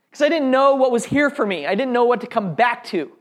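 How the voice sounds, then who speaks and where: A man's voice: very high voice, lively intonation, fairly quick, a bit bright. A man telling an audience his personal faith testimony in an earnest, heartfelt way. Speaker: speaker sharing a testimony.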